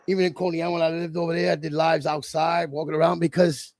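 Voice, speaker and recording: A middle-aged man, talking bluntly and profanely in a casual chat, telling animated stories. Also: on the high side, quick pace, dry recording. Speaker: livestream host.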